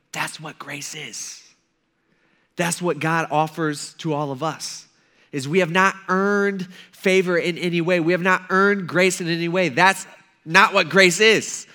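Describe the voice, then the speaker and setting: A man's voice: on the high side, bright, forceful tone. A young man preaching a sermon as pastor, in a casual, conversational way with playful acted asides.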